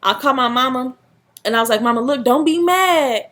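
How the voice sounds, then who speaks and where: A young woman vlogger telling a personal story in a casual, animated, dramatic way, full of slang. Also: sits high, a little fast.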